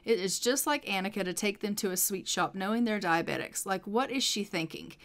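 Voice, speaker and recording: A woman's voice: medium pitch, fairly quick, fairly bright tone, close to an everyday voice. Woman voicing a fretful helicopter dad. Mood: worried. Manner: fretful, lecturing questions. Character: anxious overprotective father, middle-aged man.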